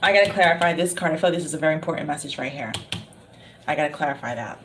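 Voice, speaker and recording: A woman's voice: deep voice, racing. A woman giving a casual tarot reading, chatting and laughing often between remarks. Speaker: tarot reader. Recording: noticeable background noise.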